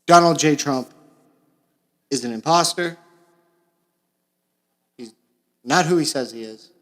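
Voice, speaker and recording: A young man from Florida rambles through a crude, sarcastic comedy monologue, his voice sitting a little higher than most men's. He drops to mumbled asides, then jumps into loud outbursts. He records in a small makeshift space at home. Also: slow. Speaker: podcast host.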